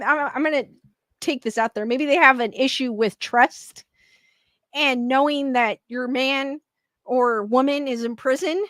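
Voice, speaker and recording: Woman streamer reading chat, defensive and giggly; high bright voice, dry close sound. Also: no room sound. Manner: defensive, laughs often, restarts sentences. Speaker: livestream host reading chat. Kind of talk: casual livestream chat.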